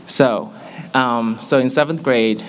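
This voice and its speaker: A man's voice: mid-range voice, takes it slowly, a little hiss or hum. A young man from Malaysia with an American accent, telling his personal story in a candid, self-mocking way. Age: young adult. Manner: candid, self-mocking, animated when quoting himself. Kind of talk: personal testimony talk.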